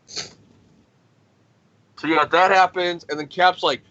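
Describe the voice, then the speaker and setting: A bright, fairly high male voice tells a comic-book story with crude sarcasm and plenty of swearing. He trips over his words and restarts often. The recording is dry and close but dull and lo-fi. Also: fairly even intonation, very slow, no room sound. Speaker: comics podcast host. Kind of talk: casual comic recap with put-on voices.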